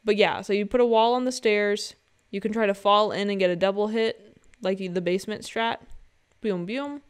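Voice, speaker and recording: A woman's voice: medium pitch, steady tone, fairly quick, clear, resonant tone. A young woman giving a casual, playful video game tutorial from home, chatty with joking asides. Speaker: gaming guide creator.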